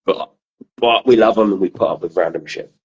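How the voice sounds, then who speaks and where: Casual podcast co-host, male, southern English, deep husky voice, storyteller who swears. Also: a little fast, darkish tone, lo-fi sound. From southern England. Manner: laughing storyteller, swears freely. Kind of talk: casual chat.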